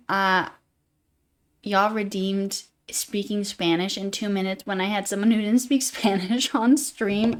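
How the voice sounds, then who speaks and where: A woman with a Utah accent hosting a livestream, chatting casually in a fairly monotone way and reading chat comments aloud. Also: medium pitch, measured pace. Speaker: livestream host.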